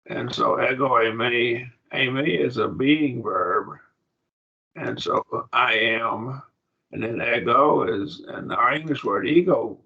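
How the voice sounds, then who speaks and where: Slow, gravelly man teaching a class. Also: mid-range voice, bright, forceful tone. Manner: patient, repeats words while explaining. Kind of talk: classroom grammar lecture. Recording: dull lo-fi recording.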